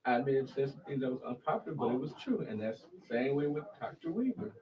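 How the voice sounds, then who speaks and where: A man's voice: medium pitch, very animated, fast talker. A man co-hosting a local political talk show in a casual, blunt and emphatic way. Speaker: political show co-host, former county commissioner. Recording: muffled sound from a distant mic.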